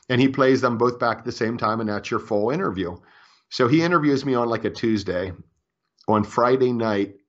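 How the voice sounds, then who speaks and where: Low-voiced man telling a ghost story. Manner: earnest, convinced, many restarts. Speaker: author guest. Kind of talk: earnest storytelling interview. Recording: dull lo-fi audio.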